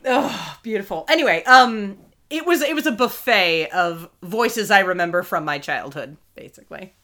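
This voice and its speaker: A woman co-hosting a casual podcast, chatting animatedly and slipping into silly voices. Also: mid-range voice. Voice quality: animated, quick to slip into silly put-on voices. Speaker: podcast co-host. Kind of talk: casual chat.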